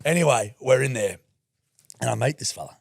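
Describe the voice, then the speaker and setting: A young adult man with an Australian accent, co-hosting a podcast and telling crude, jokey stories in a loud, lively voice. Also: medium pitch, fairly quick, gravelly, slightly rough, no echo, clean studio sound. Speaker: podcast co-host. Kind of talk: casual chat.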